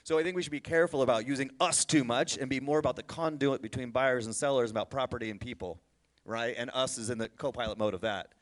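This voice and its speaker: Fast-talking brokerage owner on a panel. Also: male voice, mid-range voice. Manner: fast, emphatic explaining. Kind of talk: panel discussion.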